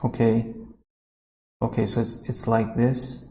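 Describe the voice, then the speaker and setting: A man's voice: mid-range voice, little pitch movement, takes it slowly, mellow, reverberant. A man teaching a recorded math lesson, thinking aloud and correcting himself informally as he works.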